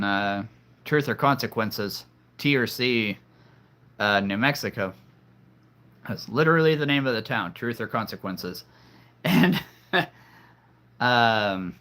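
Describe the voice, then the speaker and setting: A male streamer chatting casually to his live audience. He rambles from thought to thought, full of fillers and restarts. His voice has a bright, forward ring. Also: lowish voice.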